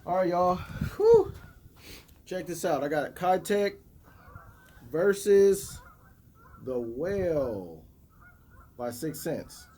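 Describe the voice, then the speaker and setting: A man's voice: on the high side, lively intonation, slow pace, pauses often, mellow, slight background noise. A man, chatting to viewers in a self-mocking way while fishing by a river in a snow storm. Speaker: fishing vlogger. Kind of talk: casual outdoor vlog talk.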